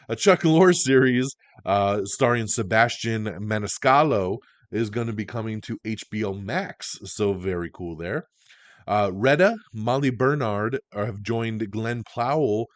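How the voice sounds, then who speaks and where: Laid-back low-voiced male podcast host. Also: no echo. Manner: chatty, opinionated, slangy, lots of ums. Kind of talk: casual pop-culture news chat.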